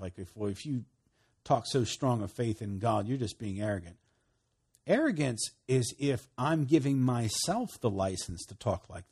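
A man preaching a sermon, emphatic, moving between loud bursts and hushed, quiet lines. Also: medium pitch, husky. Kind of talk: sermon teaching.

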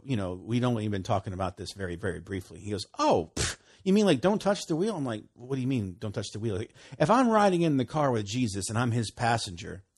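A man giving a casual, animated sermon, often laughing and acting out conversations. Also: mid-range voice, husky. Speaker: preacher.

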